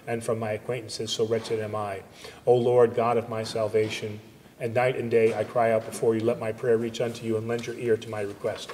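Man reciting psalms in a flat, even tone. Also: medium pitch, slight background noise. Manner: steady, even liturgical recitation. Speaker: liturgical reader. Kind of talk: reciting psalms at a church service. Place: church. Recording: long church reverb on a livestream.

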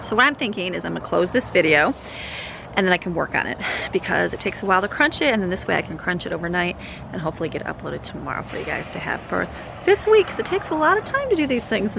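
A woman's voice: fairly low pitch, creaky, background noise. A woman vlogging her family's day, chatting with her kids and the camera. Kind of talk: casual family vlog chat.

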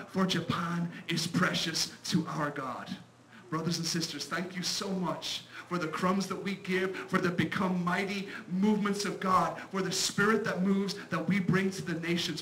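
A man's voice: high-pitched, low-quality recording. A man with an Irish accent preaching a fervent missionary sermon in a church. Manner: fervent, building to loud declarations.

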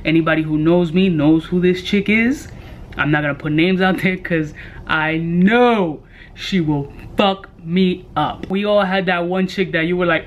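A man's voice: high voice, a little slow, slight background noise. A young man casually reviewing fragrances in a brash, joking way, full of profane street slang. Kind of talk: casual product review vlog.

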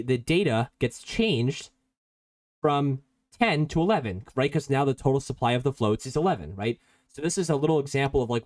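A man's voice: mid-range voice, a little mellow, dry recording, studio quality. Casual, chatty male workshop instructor. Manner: casual, rambling, giggly, reads chat aloud. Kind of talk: live-streamed coding workshop.

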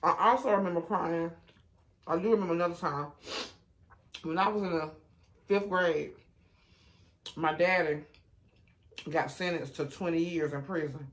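Chatty woman eating on camera. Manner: chatty, calls viewers y'all, baby and honey; animated, with sudden rises in pitch and loudness. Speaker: mukbang vlogger. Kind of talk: casual storytime while eating.

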